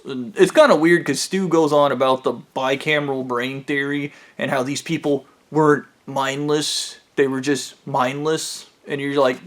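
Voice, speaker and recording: A man's voice: mid-range voice, steady tone, moderate pace, hardly any pauses. A man telling a rambling story from his own life in a casual, profane way, with plenty of fillers. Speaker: vlogger.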